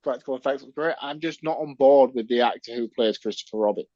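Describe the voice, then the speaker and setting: A man's voice: medium pitch, fast, warm tone, no room sound. A man with a southern English accent co-hosting a podcast, teasing his co-host with dry banter. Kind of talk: casual film review chat. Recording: dull dry mic sound.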